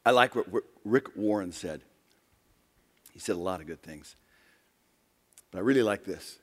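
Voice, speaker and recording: A pastor preaching a sermon, swinging from quiet, low talk to loud, raised passages. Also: male voice, normal speed. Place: church sanctuary. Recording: long reverb of a large hall.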